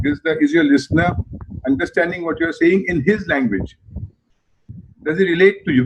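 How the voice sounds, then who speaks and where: An older man with an Indian English accent and a slightly high voice recounts stories from his career in advertising and theatre as an interview guest. He is animated and emphatic, repeating phrases in threes, and the video call audio is muffled and noisy.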